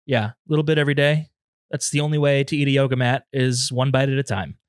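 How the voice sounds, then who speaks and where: A man's voice: mid-range voice, fairly even intonation, fast, smooth, no room sound, studio quality. A man hosting a comedy podcast alone in his apartment, rambling and self-deprecating, turning emotional now and then. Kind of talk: improvised comedy podcast monologue.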